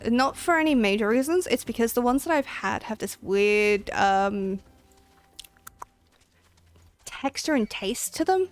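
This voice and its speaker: A woman's voice: a little high, animated, unhurried, pauses often, soft background music. A woman streaming a game, chatting in a casual, rambling way and giggling often. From Australia. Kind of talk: casual livestream chat.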